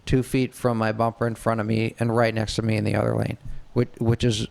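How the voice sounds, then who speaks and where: A middle-aged man with a gravelly edge and a smooth, resonant voice tells a story. He talks frankly, swears freely and acts out the people he quotes. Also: lowish voice, flat delivery, brisk, darkish tone. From Detroit area. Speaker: podcast co-host telling a story. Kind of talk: casual storytelling.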